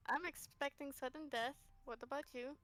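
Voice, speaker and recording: A woman's voice: sits high, fairly even intonation, moderate pace, fairly bright tone, soft background music. A woman playing a tabletop game online, bantering in character and teasing her friends with casual swearing.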